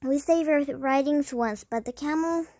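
A woman's voice: high voice, moderate pace, darkish tone, pitched above the performer's own voice, lightly acted. A woman voicing a bold, chatty young girl, reading plainly with stumbles and restarts. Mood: eager.

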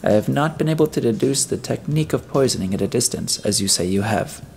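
A man reading an audiobook, voicing a grave, polite humanoid robot in a calm, formal, precise manner. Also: medium pitch, fast talker, gravelly. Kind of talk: audiobook character voice.

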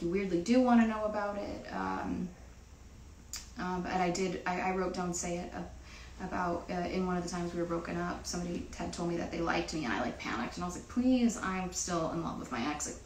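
A woman's voice: fairly low pitch, roomy sound, slight background noise, poor audio. A young woman from New Jersey, a singer chatting casually on a livestream, rambling with lots of fillers and cursing freely.

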